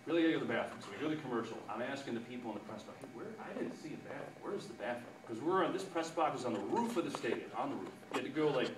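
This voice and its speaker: Animated man telling a story, echoey and distant. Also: mid-range voice, very fast, hardly any pauses. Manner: animated, acts out quotes with loud bursts. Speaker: sportscaster speaking to students. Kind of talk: anecdotal storytelling talk. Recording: echoey room, distant mic, background noise.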